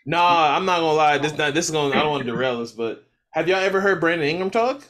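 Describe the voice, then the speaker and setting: A man's voice: a little high, fast talker. A man co-hosting a casual podcast chat, laid-back and full of slang, recapping news for listeners. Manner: animated, laid-back slang, quotes others. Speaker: podcast co-host.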